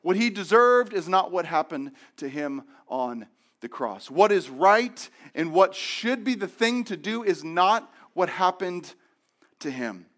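Guy w a pretty high voice giving a sermon, chatty, keeps restarting and doing the characters' reactions. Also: a little slow. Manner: animated storytelling, acting out characters' reactions; conversational with frequent restarts and asides. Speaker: pastor.

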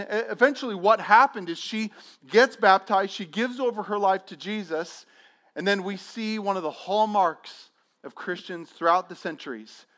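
Guy pastor giving a sermon, high bright voice, acts out little conversations, lots of restarts. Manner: storytelling with acted-out dialogue and many restarts.

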